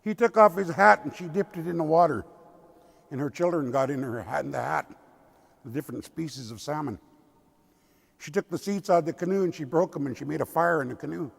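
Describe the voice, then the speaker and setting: Older man, tribal elder storyteller, gravelly voice, long cathedral reverb. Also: fairly high pitch. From Lummi Nation, Pacific Northwest. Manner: slow, deliberate, repetitive telling. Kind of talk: traditional oral storytelling.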